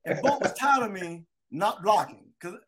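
Animated older man telling stories. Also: high-pitched, moderate pace, breathy edge. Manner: animated storyteller, acts out quotes. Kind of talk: storytelling reunion chat.

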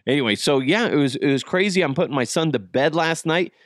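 A man hosting a podcast, telling a family story in a casual, animated way and swearing freely. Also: fairly high pitch, a little fast, no room sound, studio quality. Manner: animated, swears freely, acts out quoted voices. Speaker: podcast host.

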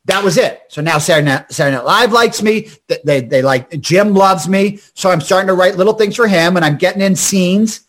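An older man from Scranton, a comedian and actor, telling rapid, animated show-business stories with restarts and quoted voices. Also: sits high. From Scranton, Pennsylvania. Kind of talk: storytelling interview chat.

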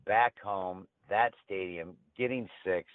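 A man's voice: sits low, slow pace, no room sound. A man talking sports betting in a brash, joking, trash-talking way. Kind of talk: casual betting talk. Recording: tinny phone-line sound.

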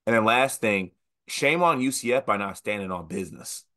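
A young man co-hosting a casual sports podcast, animated and joking, mocking coaches with put-on quotes. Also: fairly low pitch, moderate pace. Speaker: podcast co-host.

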